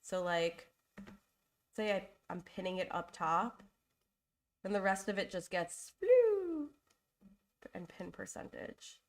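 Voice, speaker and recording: A young woman hosts a live design stream while getting over a cold, and her voice carries a gravelly fry. She chats casually, thinks aloud with lots of fillers and restarts, and is openly apologetic and emotional. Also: mid-range voice, expressive, takes it slowly, long pauses. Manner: chatty, thinking aloud with fillers and self-corrections.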